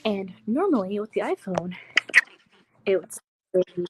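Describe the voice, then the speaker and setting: A woman's voice: medium pitch, sing-song, slow, very noisy. Young woman, casual livestream chat, rambling storyteller, call audio. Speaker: livestream guest.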